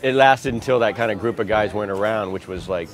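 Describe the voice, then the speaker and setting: A man's voice: lowish voice, brisk, soft background music. A skateboarder around fifty telling old stories in a rambling way, often laughing as he goes. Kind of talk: casual storytelling interview.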